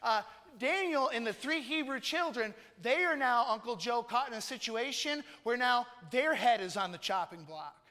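A man's voice: very high-pitched, animated, moderate pace, few pauses, pushed and bright. A man preaching a conversational sermon with casual joking asides and emphatic points, in a church. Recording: long reverb in a large hall.

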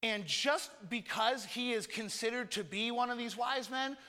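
A man with a very high, bright voice delivers a casual, joking sermon, stressing his points with emphasis. The sound rings out with a long reverb in a large church hall. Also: measured pace. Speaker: preacher. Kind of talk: conversational sermon.

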